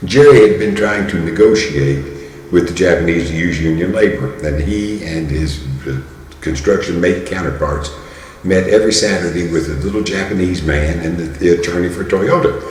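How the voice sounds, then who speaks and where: A man's voice: low-pitched, moderate pace. A man in his sixties from Kentucky, a guest telling stories in a rambling way with many fillers and restarts. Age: 60s. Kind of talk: storytelling in casual talk. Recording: roomy hall with long reverb, faint noise.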